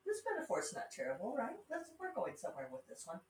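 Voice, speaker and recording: A middle-aged woman with a Rocky Mountain accent, a podcast host and self-published author, talks fast with a medium-pitched voice that swoops wildly. She's chatty and digressive, tossing in wry asides, against a noisy background; the sound is roomy and distant with faint ambience.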